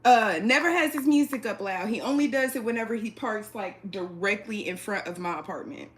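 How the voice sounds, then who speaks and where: A woman hosting a casual livestream from her apartment, talking straight into a phone or webcam, blunt and profane, laughing quickly and reading the chat aloud. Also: medium pitch. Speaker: livestream host. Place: indoors at home, an apartment.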